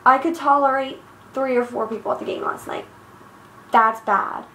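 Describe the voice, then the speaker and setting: Teen girl, high-pitched, swearing and exasperated, recorded in an echoey room. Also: steady tone, normal speed, sharp tone, slight background noise. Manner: profane, exasperated, rambling. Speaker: vlogger. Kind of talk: angry personal rant. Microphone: iPod built-in mic.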